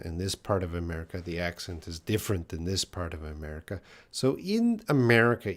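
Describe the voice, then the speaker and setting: An English teacher with a slightly low voice runs a live lesson, reading out viewers' questions one after another. He answers plainly, thinking aloud and hedging with fillers.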